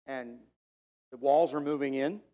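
A man preaching a sermon as pastor, emphatic, slowing down to stress the verses he quotes and drifting on and off the microphone. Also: mid-range voice, warm tone.

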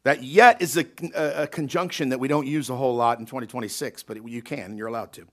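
A man pastor preaching a sermon in a church, emphatic and folksy, swinging between loud, stretched-out lines and quiet asides while asking the congregation questions. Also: mid-range voice, steady tone, quick pace. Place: church sanctuary.

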